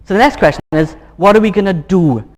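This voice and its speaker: High-voiced preacher coaxing a congregation. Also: male voice, fast talker. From Wales. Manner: chatty, joking, coaxing the congregation to get excited. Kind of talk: sermon. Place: church hall.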